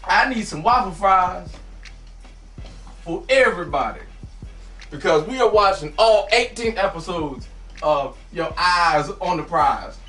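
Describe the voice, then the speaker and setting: A man delivers a satirical comic monologue, animated and given to sudden shouted bursts. He sounds set back from the microphone in a reverberant space. Soft music plays underneath. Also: high voice, measured pace, pauses often. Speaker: comedian host. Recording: echoey, from a distance, faint music.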